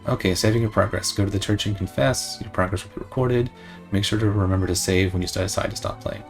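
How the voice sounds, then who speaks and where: A man's voice: on the low side, quick pace. Jokey man commentating a game. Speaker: let's play host. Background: faint game music.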